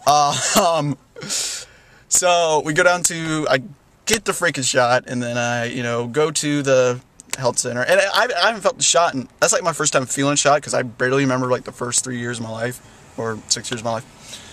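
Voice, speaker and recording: A man's voice: medium pitch, moderate pace, a bit bright, slight background noise. A young man telling a rambling story in a casual vlog, full of "like" and "you know", often laughing. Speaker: vlogger.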